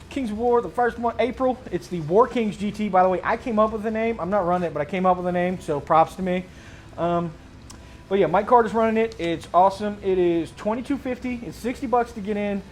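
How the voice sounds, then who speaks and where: Excitable, slangy man. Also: high-pitched, slight background noise. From Mid-Atlantic United States. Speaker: host. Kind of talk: casual tabletop gaming chat.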